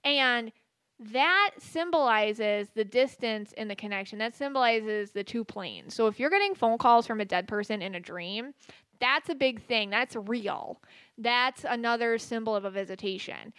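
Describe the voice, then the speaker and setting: Chatty woman podcast host, bright voice. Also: fairly high pitch, moderate pace, smooth, dry recording. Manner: chatty, many fillers and restarts. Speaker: podcast host and psychic medium. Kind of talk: casual spoken monologue.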